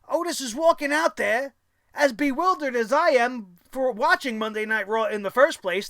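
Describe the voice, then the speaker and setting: High-pitched wrestling vlogger ranting, swears a lot, sarcastic, dry close sound. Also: moderate pace, fairly bright tone, no room sound. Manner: profane, sarcastic, exasperated. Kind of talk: ranting show review.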